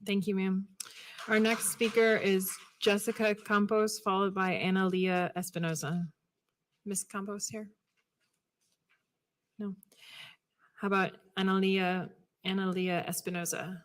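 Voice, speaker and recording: Woman chairing a meeting, mid-pitched, brisk and businesslike, calls the next speakers. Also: flat delivery. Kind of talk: formal meeting procedure.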